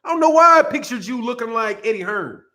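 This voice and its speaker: High-voiced man riffing to his live chat. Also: animated, fast talker, pushed and bright. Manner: loose, joking, talks straight to chat, frequent laughs. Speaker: boxing channel host. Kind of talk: casual live-stream commentary reading chat.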